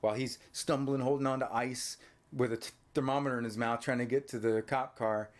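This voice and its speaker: Speaking briskly in a mid-range voice, this man retells a film's story in a relaxed conversation. He animatedly quizzes a child along the way, using questions and tag questions, and the sound comes from an on-camera microphone.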